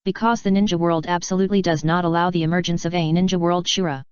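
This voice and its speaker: Reading a novel aloud fast, a woman gives steady, scripted audiobook narration in a slightly low, very smooth, clean voice. The close, dry recording has no echo and a slightly dull, muffled tone.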